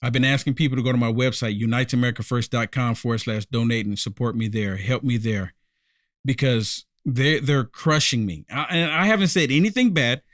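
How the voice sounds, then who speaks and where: A man's voice: mid-range voice, a bit bright, dry recording, studio quality. A man hosting a live-streamed political commentary, emphatic and repetitive, talking straight to his viewers and thanking them by name.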